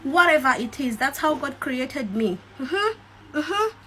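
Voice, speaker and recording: A woman with a Ugandan English accent speaks to her followers in a defiant, emphatic rant. Her voice sits high and sounds bright and sharp, and she hammers her points through repetition. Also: big pitch swings, slow. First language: Luganda. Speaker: social media creator.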